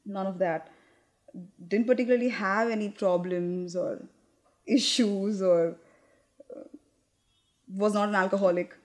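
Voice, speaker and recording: Give me a young actress delivering a candid, wry monologue at a medium pitch. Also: female voice, fairly even intonation, measured pace, long pauses, darkish tone. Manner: candid, confiding, wry, with hesitant restarts. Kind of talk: theatrical monologue.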